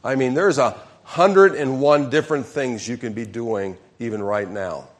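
A man's voice: mid-range voice, normal speed. Emphatic male pastor preaching. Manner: call-and-response with congregation, emphatic. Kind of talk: sermon.

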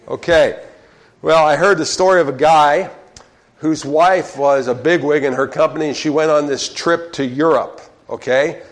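Pastor man with a higher voice. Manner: lively storytelling, asks the crowd questions, frequent "okay?". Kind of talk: sermon with a told joke.

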